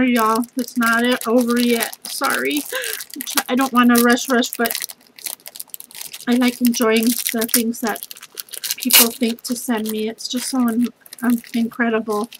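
A woman's voice: fairly high pitch, little pitch movement, measured pace, noisy background. A middle-aged woman, gushing as she unboxes a craft gift package for her channel. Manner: gushing, effusive, says y'all.

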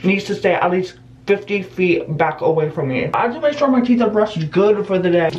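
A man's voice: sits high, darkish tone, lo-fi sound, slight background noise. A young man filming a casual vlog at home in his bedroom and bathroom, talking in a sarcastic, self-mocking and dramatic way. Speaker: vlogger.

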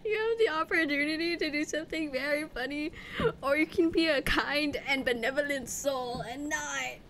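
A woman's voice: high voice, normal speed, a bit bright, slight background noise. A woman streamer giving playful, giggly commentary while playing a video game. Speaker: VTuber streamer. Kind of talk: casual gameplay commentary.

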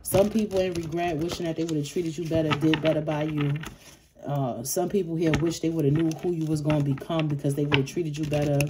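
Woman w/ aave doing a tarot reading, low voice, cusses a lot, noisy background. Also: steady tone, brisk. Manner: blunt, profane, chuckles nervously. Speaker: tarot reader. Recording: audible background noise.

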